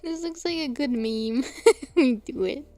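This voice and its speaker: High-voiced chatty young woman streamer. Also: measured pace, dark tone, faint music behind. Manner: chatty, laughs often, swears casually. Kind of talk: casual chat.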